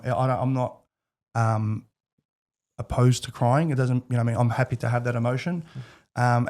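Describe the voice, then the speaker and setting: A man's voice: mid-range voice, darkish tone. A man in his thirties with an Australian accent, a podcast guest talking candidly and rambling, with many restarts. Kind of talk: casual interview chat.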